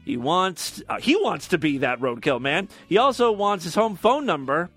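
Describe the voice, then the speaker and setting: A man's voice: high-pitched, big pitch swings, normal speed, a bit bright, slightly rough, soft background music. A man hosting a comedy podcast, reading odd news stories aloud with sarcastic, mocking asides. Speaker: podcast host.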